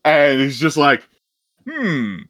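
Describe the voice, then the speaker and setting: Man, game master, tabletop game, laid-back, chuckling, lively pitch, dry sound. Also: slow pace, dry recording.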